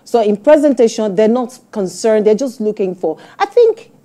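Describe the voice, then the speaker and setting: A woman with a Nigerian English accent presents a studio panel discussion in a lively, opinionated way. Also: fairly high pitch, normal speed. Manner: lively, opinionated, laughs while making points. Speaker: news programme presenter.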